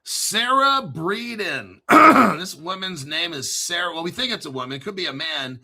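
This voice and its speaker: Brash, bright-voiced man ranting. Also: sits high, expressive, normal speed. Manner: profane, combative, boastful ranting; frequent throat clearing. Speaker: crypto channel host. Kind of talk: ranting solo commentary.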